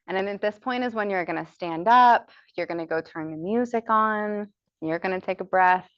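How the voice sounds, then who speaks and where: A woman's voice: mid-range voice, expressive, moderate pace, dry recording, dull audio. A woman with an American accent teaching a yoga teacher training, chatty and encouraging, demonstrating breaths and cues aloud.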